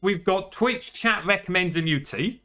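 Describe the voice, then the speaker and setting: A man's voice: high voice, moderate pace, bright, forceful tone, soft background music. A young man with a Yorkshire accent, chatting casually as a streamer, laid-back and swearing freely. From northern England. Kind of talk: casual chat.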